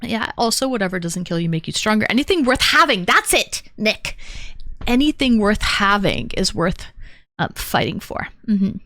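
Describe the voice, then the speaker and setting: A woman's voice: medium pitch, very animated, moderate pace, fairly bright tone, no room sound, clean studio sound. A woman hosting a call-in livestream, chatting casually, laughing often and greeting viewers. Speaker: streamer host of a call-in show.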